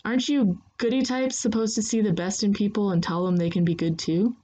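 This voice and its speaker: A woman's voice: mid-range voice, fairly quick, mellow, pitched above the performer's own voice, natural voice. A woman voicing a prickly, sarcastic nonhuman crewmember, raising her voice into snappy retorts. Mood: dry, sardonic.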